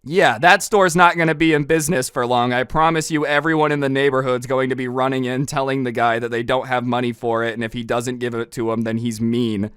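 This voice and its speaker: A man's voice: mid-range voice, steady tone, fairly quick, few pauses, a bit bright, clear, resonant tone, no echo, studio quality. A man telling a storytime in a casual, exasperated way, with sarcastic asides. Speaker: storytime vlogger. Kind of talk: storytime narration.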